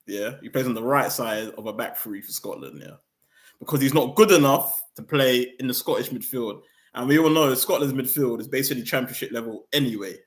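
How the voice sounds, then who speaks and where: Young man, furious fan rant, slangy, mid-pitched voice, rhetorical outbursts. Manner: angry, slangy, heated rhetorical questions. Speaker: football fan channel host. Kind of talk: ranting fan vlog.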